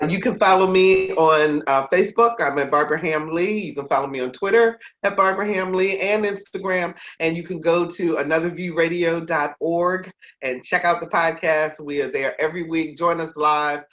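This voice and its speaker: A woman media expert giving brisk, encouraging advice as an interview guest over a video call. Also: low-pitched, a bit bright. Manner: brisk, encouraging, plugging her show. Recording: dull lo-fi call audio.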